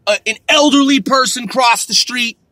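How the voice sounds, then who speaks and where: A man podcasting, ranting angrily with lots of swearing and sudden loud outbursts. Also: very high-pitched, moderate pace, no echo. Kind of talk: profane rant.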